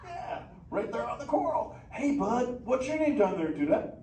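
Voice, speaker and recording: A man's voice: very high voice, sing-song, normal speed, dark tone, far from the mic, pitched above the performer's own voice. A man voicing a laid-back surfer sea turtle dude who talks in drawling surfer slang, playful and teasing the audience. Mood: excited. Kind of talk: live interactive show character. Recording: echoey theater from afar, noisy.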